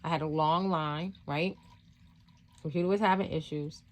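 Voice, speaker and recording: Casual spiritual vlog host, woman, lower-pitched voice, rambling storyteller with many restarts. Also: fairly even intonation, normal speed.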